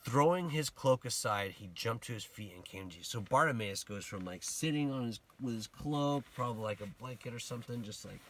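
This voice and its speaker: A man giving a casual sermon, retelling a Bible story in a conversational, animated way and acting out the people in it. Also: mid-range voice, fairly quick, few pauses. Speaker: preacher.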